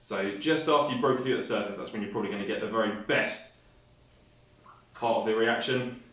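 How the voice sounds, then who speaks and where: A man's voice: lowish voice, fairly quick, fairly bright tone. A man presenting a hands-on science experiment, explaining each step with enthusiasm. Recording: echoey room, mic at a distance.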